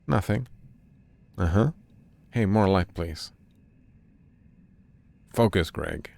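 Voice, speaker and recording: A man reading a video game's dialogue aloud on a stream, with a very low, gravelly voice. He takes the lines slowly and deadpan, barely changing from one character to the next.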